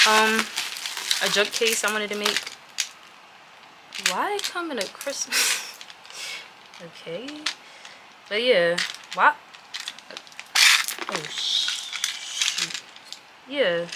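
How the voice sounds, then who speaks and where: Chatty, excitable woman vlogger unboxing on camera, noisy takes with crinkling packaging. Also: fairly high pitch. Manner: chatty, easily excited, talks to viewers as "y'all". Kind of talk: casual unboxing chat.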